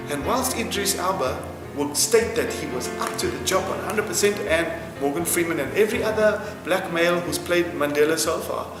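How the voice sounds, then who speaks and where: A man's voice: a little high, lively intonation, moderate pace, hardly any pauses. Passionate man in echoey hall. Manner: passionate, emphatic, repeats phrases for effect. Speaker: interviewee. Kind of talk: impassioned interview answer. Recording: roomy hall with long reverb, faint music.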